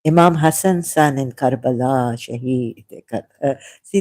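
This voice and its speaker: An ex-Muslim vlogger who isn't a native English speaker reads an article aloud, adding rambling commentary, hesitating and correcting themself with frequent small laughs. Their voice is medium-pitched, animated and darkish at normal speed, and they're sore from a recent cough.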